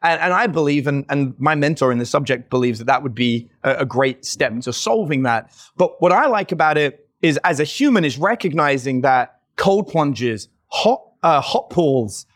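A man talking as a podcast guest, telling lively stories and acting out the people he quotes, with lots of "like" fillers. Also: on the high side, normal speed, hardly any pauses. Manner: animated, acts out quoted voices, many "like" fillers. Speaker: podcast guest, dating company owner. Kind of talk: casual conversational storytelling.

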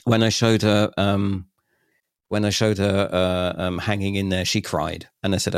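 A man in his forties, a podcast guest, chatting and telling animated stories, laughing often and acting out quoted voices. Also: sits low, unhurried, no echo, clean studio sound. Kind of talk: casual storytelling chat.

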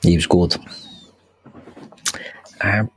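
A man's voice: sits low, steady tone, drawn-out words, slight background noise. A man taking part in a football quiz, thinking aloud and swearing casually. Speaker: quiz contestant. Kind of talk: casual podcast banter.

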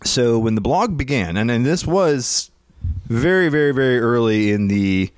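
A man's voice: mid-range voice, animated, moderate pace, clean tone, no room sound. A man co-hosting a podcast in casual chat, laid-back and dry, with self-deprecating asides. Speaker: podcast co-host.

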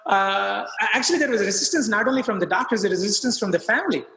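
Man in his 30s, physician guest, high bright voice, halting with fillers, roomy long reverb. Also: expressive. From India. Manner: halting, many fillers and restarts. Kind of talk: casual interview talk. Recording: echoey room with long reverb.

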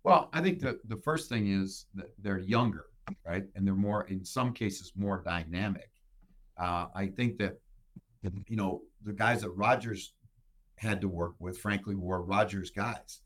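A man hosting a casual show, telling stories in an animated way and tagging his lines with "right?". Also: sits low, measured pace, slight background noise. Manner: animated storyteller who tags lines with "right?". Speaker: show host answering listener questions. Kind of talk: casual storytelling chat.

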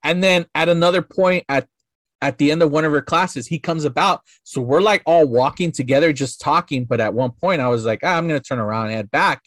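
A man's voice: a little high, a little fast, fairly bright tone, no room sound, studio quality. A man in his thirties, a podcast guest telling a story casually in a rambling, profane way full of filler words.

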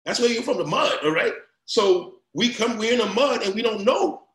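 Animated man in an echoey room. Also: high-pitched, moderate pace. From Louisiana. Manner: animated, repeats himself, rising into loud storytelling. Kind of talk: casual conversation. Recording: roomy echo.

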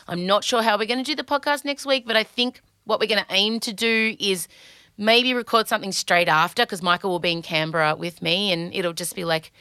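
A woman's voice: fairly low pitch, sharp tone, smooth, no echo, clean studio sound. A middle-aged Australian woman hosting a podcast, chatting candidly and anxiously and swearing freely. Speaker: podcast host. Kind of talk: casual podcast monologue.

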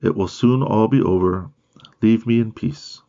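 A man reading the words of a humble, pious dying nun in a slow, hushed, prayerful way. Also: fairly low pitch, highs cut off.

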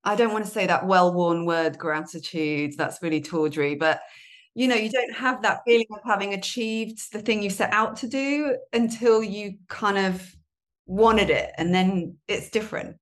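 A woman's voice: medium pitch, normal speed. A woman hosting an interview, enthusiastic and encouraging, laughing often. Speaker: podcast host. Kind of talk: casual interview.

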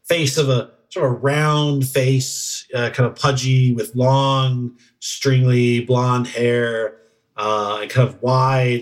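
Man, game master, tabletop game narration, loose and rambling, middle pitch. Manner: rambling, searches for words with many fillers.

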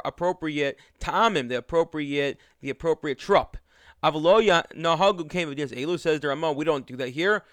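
Guy reading and explaining a religious text, slightly high voice, dry close sound, trips over words and restarts a lot. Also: fairly bright tone, no room sound. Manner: reads Hebrew text then explains in English, with frequent restarts. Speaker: Torah teacher. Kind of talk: text study lesson.

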